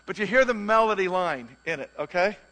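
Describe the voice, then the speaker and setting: A man preaching in a church with a high, bright voice. He talks to the congregation in a loose, conversational way. He stays animated and now and then sings out a musical phrase. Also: fairly quick. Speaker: pastor. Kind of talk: sermon.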